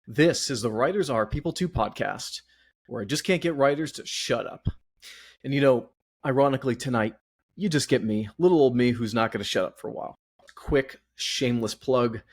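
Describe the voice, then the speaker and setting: A man's voice: medium pitch, moderate pace, husky. A man hosting his own podcast, out of breath and chatty, rambling along in a self-deprecating way. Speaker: podcast host. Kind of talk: casual solo podcast monologue.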